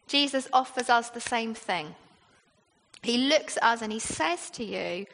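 A British woman with a high, light voice gives a sermon in a chatty, down-to-earth way, turning to the congregation with rhetorical questions. Her voice rings out with a long reverb, as in a large church hall. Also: expressive, measured pace, a bit bright. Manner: conversational, with frequent rhetorical questions. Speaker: preacher.

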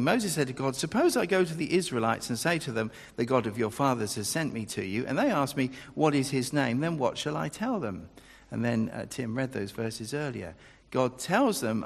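A man's voice: medium pitch, gravelly. A man preaching a sermon, talking conversationally and then building to emphatic declarations. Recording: reverberant church hall.

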